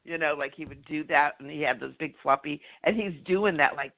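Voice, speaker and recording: Excitable man on a tinny phone line. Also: fairly high pitch, brisk, hardly any pauses. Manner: bubbly, excitable, full of fillers. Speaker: co-host and medium. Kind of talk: casual radio chat.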